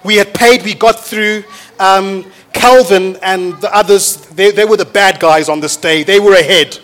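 High-pitched pastor preaching. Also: male voice, unhurried. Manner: energetic storytelling, rising to loud exhortation. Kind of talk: sermon. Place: church auditorium.

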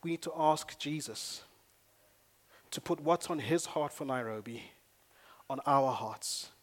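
A man delivering a sermon as a pastor. His voice sits a little high. He mixes hushed storytelling with passages of loud, fervent emphasis. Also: a little slow.

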